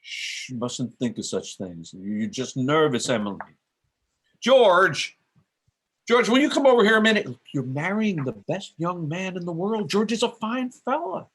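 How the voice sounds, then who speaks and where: Man playing a gentle, soothing father of the bride. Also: high voice, expressive, normal speed, husky, full character voice. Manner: soothing, reassuring. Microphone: video call.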